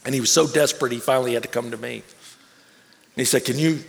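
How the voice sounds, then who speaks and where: A man preaching a sermon, telling a personal story in an animated way and acting out the people he quotes. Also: medium pitch, quick pace, gravelly. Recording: long reverb of a large hall.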